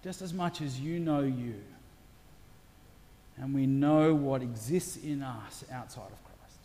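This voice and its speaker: A man preaching a sermon in an earnest, confessional way, his voice dropping to a hush and swelling loud again. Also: medium pitch, slow, long reverb tail, slight background noise.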